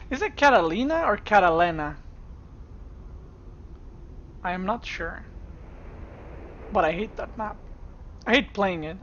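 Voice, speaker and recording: A woman's voice: medium pitch, sharp tone, a little hiss or hum. A woman streamer giving casual esports commentary, chatting straight to her viewers from a home streaming setup. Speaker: streamer and caster.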